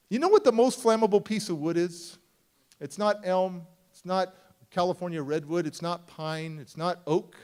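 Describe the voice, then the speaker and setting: A motivational speaker telling a personal story at a conference, acting out the people in it and swinging between hushed and loud. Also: male voice, sits high, moderate pace. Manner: acts out voices of people in his story, swings from hushed to shouting. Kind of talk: dramatic storytelling keynote. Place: large conference hall.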